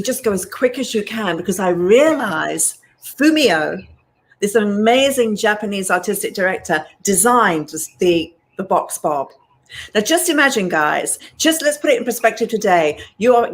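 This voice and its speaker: Animated British woman in her sixties telling stories. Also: medium pitch, low-quality recording. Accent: British English. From England. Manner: animated storyteller who talks to the audience directly. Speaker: guest hairdresser and educator. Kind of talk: storytelling interview.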